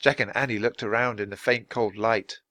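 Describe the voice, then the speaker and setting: A man reading a children's book aloud for language learners, clearly and expressively. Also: on the low side, fairly even intonation, moderate pace, pushed and bright, no room sound. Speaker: storyteller.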